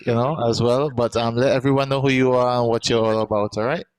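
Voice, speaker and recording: A chatty, encouraging man hosts a live online show, steering the guests along with plenty of fillers. His voice is clear and resonant. The sound is dry, with very little room around it. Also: mid-range voice, fairly even intonation, quick pace, no room sound, poor audio. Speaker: host.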